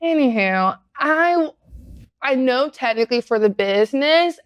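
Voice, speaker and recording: A woman's voice: high voice, expressive, unhurried, clean tone, no room sound. A woman who works as a bridal stylist, chatting as a podcast guest in a rambling, emotional way full of fillers. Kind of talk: casual podcast chat.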